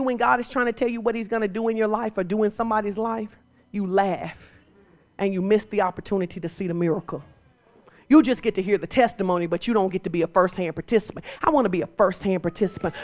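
A woman preacher delivering a sermon, moving from quiet storytelling to shouted exhortation. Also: medium pitch, fast talker.

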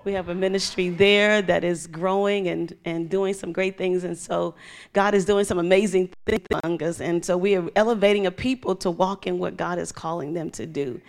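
A woman's voice: lowish voice, steady tone, moderate pace. A middle-aged woman pastor preaching a sermon, telling stories with animation and acting out voices.

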